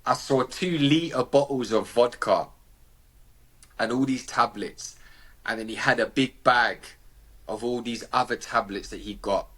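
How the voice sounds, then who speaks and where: A man's voice: medium pitch, measured pace, fairly bright tone. A man with a British accent, a podcast guest telling a personal story in a vivid, slangy way and acting out the dialogue. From United Kingdom.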